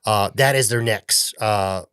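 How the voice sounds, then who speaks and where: A man from Tennessee co-hosting a casual movie-review podcast, telling stories with animated energy and plenty of fillers. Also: fairly low pitch, slow pace, clean tone, no room sound, studio quality. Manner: animated storyteller, fond of acting out quotes, many fillers. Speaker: podcast co-host.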